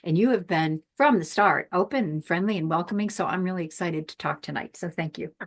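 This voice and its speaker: A woman hosts a friendly podcast over a video call, chatting easily and laughing at her own asides. Her voice sits a bit low. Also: brisk. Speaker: podcast host.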